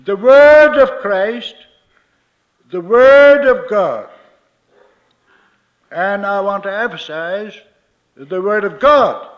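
Man, minister, sermon, emphatic, unhurried, higher voice, muffled old recording. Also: fairly bright tone. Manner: slow, emphatic preaching with repeated phrases.

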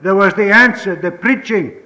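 A man preaching a sermon with emphatic repetition, moving between pleading outbursts and hushed, solemn passages. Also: high-pitched, normal speed, roomy sound, lo-fi sound. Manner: emphatic, repetitive preaching with rising pleas and sudden hushed drops. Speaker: pastor.

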